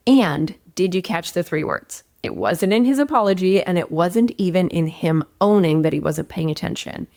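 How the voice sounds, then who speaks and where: A woman hosting a relationship-advice show, talking straight to her audience in an expressive, emphatic way that often swings upward. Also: lowish voice, moderate pace, dry recording, studio quality. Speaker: relationship coach and host. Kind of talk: direct-to-camera relationship advice talk.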